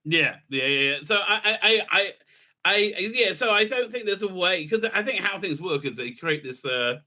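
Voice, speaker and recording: A rabbi talking through a casual commentary monologue, rambling and sarcastic, breaking into laughter often. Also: male voice, sits high, expressive, moderate pace, sharp tone.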